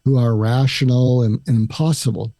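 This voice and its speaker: Gravelly-voiced older man giving calm advice. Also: mid-range voice, fairly quick, no echo, studio quality. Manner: calm, explains step by step, acts out example lines. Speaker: psychiatrist guest. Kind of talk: advice in a podcast interview.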